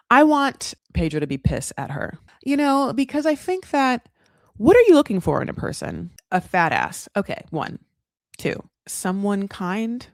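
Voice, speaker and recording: A woman's voice: medium pitch, no echo. A woman hosting a podcast, recapping a reality show in a casual, rambling, freely swearing commentary.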